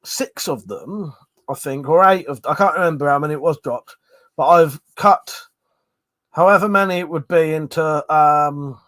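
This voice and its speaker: A Manchester-accented man originally from Scotland runs a casual livestream, laughing, swearing and rambling as he reads out chat messages. His voice is fairly high and a bit bright, at normal speed, with no echo.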